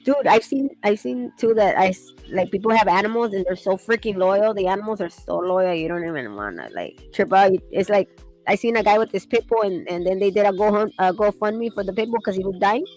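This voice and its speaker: A woman's voice: medium pitch, lively intonation, fairly quick, darkish tone, soft background music, poor audio. Woman, loose casual storyteller, laughs a lot, swears easily. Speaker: streamer chatting while sketching. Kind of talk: casual chat.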